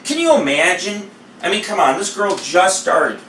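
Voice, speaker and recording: A man's voice: high-pitched, unhurried, pushed and bright. A male cooking show host who rambles and swears freely as he tells a story while he cooks. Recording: echoey room, voice a bit far from the mic, faint noise.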